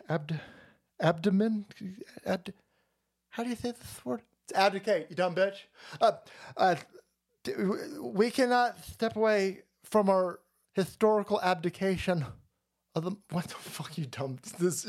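A foul-mouthed man hosting a stream, mocking and ranting loudly as he stumbles over his words. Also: a little high, gravelly. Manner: loud, mocking, foul-mouthed, restarts a lot. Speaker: streamer host. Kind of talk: profane political rant.

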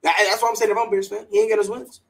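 A man hosting a sports podcast rants animatedly with strong opinions, mocking quotes in a put-on voice. His voice is high-pitched and creaky, he talks very fast, and the audio is poor.

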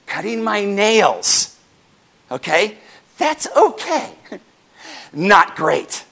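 A man pastor preaching a sermon to his congregation, animated and joking with them as he goes. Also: high voice, extremely slow, vocal fry.

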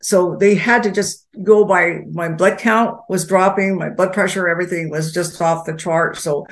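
An older woman telling a personal story as a guest, halting, with many pauses and restarts. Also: lowish voice, fairly even intonation.

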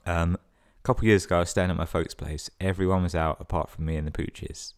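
A man with a very low, deep voice reads listener stories on his podcast. He keeps cutting in with sweary, sarcastic jokes between the sentences. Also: steady tone, fast, darkish tone. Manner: sweary, sarcastic running commentary. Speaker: podcast host. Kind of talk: reading listener emails with comic asides.

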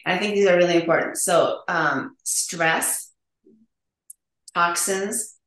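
Middle-aged female guest, low register, earnest explainer, echoey room. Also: steady tone, takes it slowly, a bit bright. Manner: earnest, explanatory, many ums. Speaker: nurse practitioner guest. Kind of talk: conversational interview.

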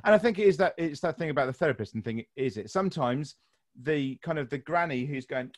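A man's voice: medium pitch, a little fast, no echo, clean studio sound. A British man hosting a podcast, talking frankly and swearing freely, often laughing at his own jokes. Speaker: podcast host. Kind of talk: casual podcast chat.

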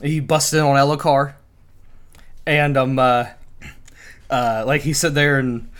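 A man's voice: mid-range voice, flat delivery, measured pace, a bit bright, clean tone. Rambling man retelling a story. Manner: rambling retelling with many fillers, acting out dialogue. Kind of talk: casual chat.

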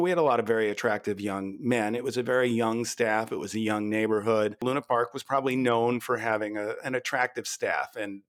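A man hosting a podcast, recounting a story from his restaurant days in a measured, steady way. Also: medium pitch. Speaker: podcast host, restaurant owner. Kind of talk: casual storytelling.

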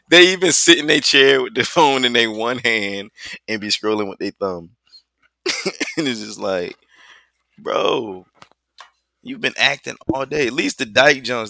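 A man co-hosting a casual podcast chat, loud and laughing, breaking into mocking voices. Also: mid-range voice, creaky, no room sound. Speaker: podcast co-host.

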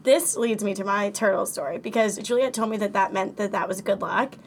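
A woman's voice: mid-range voice, brisk, a little hiss or hum. A woman co-hosting a casual chat, teasing her friend and rambling through her own story. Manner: teasing, rambling, with many restarts and fillers. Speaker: podcast co-host.

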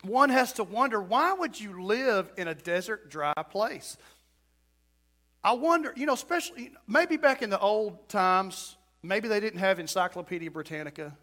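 A man's voice: high voice, lively intonation, moderate pace, sharp tone. A middle-aged male pastor preaching a storytelling sermon in a church, acting out quotes and building to emphatic points.

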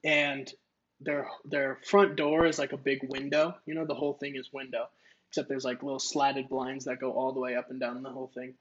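A man's voice: mid-range voice, level tone, a little fast, fairly bright tone, dull audio. A man on a podcast telling a story in a casual, rambling way, swearing and using lots of filler words. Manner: rambling, profane, filler-heavy. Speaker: podcast co-host.

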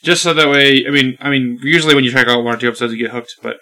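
A man's voice: medium pitch, steady tone, rapid-fire, bright, forceful tone. A man hosting a podcast, trading jokes in casual chat and reading out a prepared segment intro. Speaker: podcast host.

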